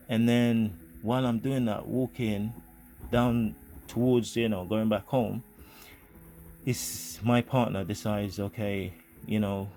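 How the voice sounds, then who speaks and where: A man's voice: on the low side, darkish tone, a little hiss or hum. A man telling a personal spiritual story in an earnest, rambling way, full of fillers and restarts. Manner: earnest, grateful. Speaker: vlogger.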